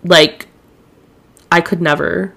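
Chatty young woman, lowish voice. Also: fairly even intonation, slow pace, gravelly, pushed and bright. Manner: chatty, candid, swears freely. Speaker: podcast host. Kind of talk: casual solo podcast chat.

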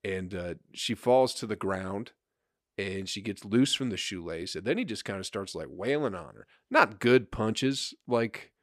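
A man's voice: lowish voice, animated, unhurried, no echo, clean studio sound. A young adult man on a profane, rambling comedic rant, full of filler and laughter. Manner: rambling, crude, laughs often.

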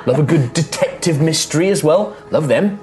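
A man's voice: on the high side, lively intonation, moderate pace, darkish tone, soft background music, voice pushed up, close to an everyday voice. A man voicing a quirky male crewman fond of novels, speaking with a chuckle.

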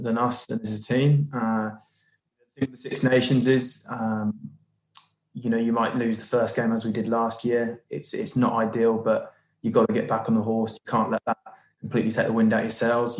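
A man giving a measured post-match interview, with frequent pauses and fillers. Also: mid-range voice, reverberant, rough recording. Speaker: interviewed player.

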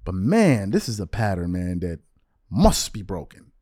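A man's voice: low-pitched, big pitch swings, measured pace, warm tone, no room sound, studio quality. A man hosting a podcast, talking earnestly in a reflective solo commentary and repeating words as he searches for them. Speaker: podcast host.

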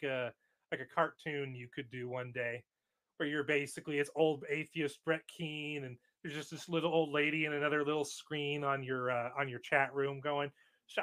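A man's voice: on the high side, steady tone, moderate pace, sharp tone. A man chatting casually, joking and laughing often with sarcastic asides. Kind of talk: casual conversation.

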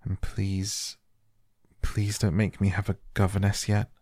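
A man's voice: lowish voice, completely flat delivery, measured pace, dark tone, no echo, clean studio sound. A man reading the part of a timid little girl who pleads and stammers. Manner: hesitant, stammering pleas.

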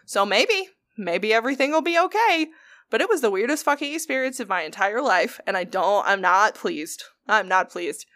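A woman's voice: medium pitch, moderate pace. Young woman telling a story, swearing. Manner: animated storytelling with frequent swearing. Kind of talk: casual chat.

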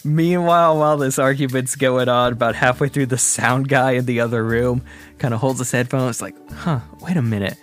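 A man's voice: moderate pace, soft background music. A man improvising a comedic story, acting out characters with big jumps in his voice. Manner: animated, acts out characters with big pitch jumps.

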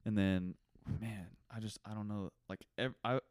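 Smooth-voiced young man, casual podcast chat. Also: fairly low pitch, steady tone, moderate pace, darkish tone, dry recording, studio quality. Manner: enthusiastic, rambling with many fillers. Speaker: podcast co-host.

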